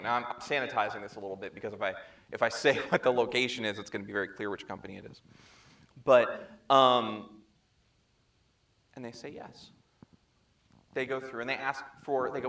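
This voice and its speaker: A man presenting at a security chapter meeting, telling a story in a lively way and acting out the dialogue, speaking into a handheld microphone. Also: mid-range voice, brisk. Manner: animated storyteller who acts out quoted dialogue. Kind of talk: conference talk, storytelling. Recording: echoey room, faint background noise.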